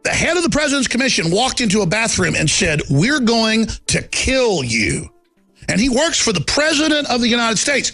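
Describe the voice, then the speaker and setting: A middle-aged man hosting a talk show, delivering an impassioned monologue with emphatic swings from quiet storytelling to loud defiance and acting out the people in his stories. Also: very high-pitched, big pitch swings, fast, few pauses, soft background music. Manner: acts out quoted people in the stories.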